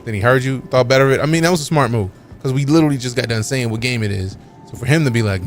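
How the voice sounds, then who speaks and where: A man's voice: medium pitch, animated, very fast, faint music behind. A man live-streaming a game, chatting casually with his viewers and joking around with playful, mock-offended trash talk full of slang.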